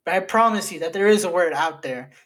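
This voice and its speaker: A man trades defensive, exasperated lines in a loose podcast chat. His voice sits fairly high for a man, and he swears freely when he is pushed. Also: lively intonation, fast talker, a bit bright. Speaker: podcast co-host. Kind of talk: casual podcast banter.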